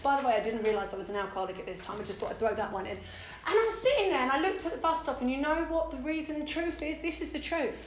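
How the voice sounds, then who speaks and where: A higher-voiced woman with a London accent tells her own recovery story to a meeting. She is blunt and lively, swears freely and acts out the voices of the people she describes. The recording is slightly dull and carries the echo of a large hall. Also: fast, slight background noise. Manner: animated storytelling, frank, swearing, acting out voices. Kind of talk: personal recovery testimony at a meeting.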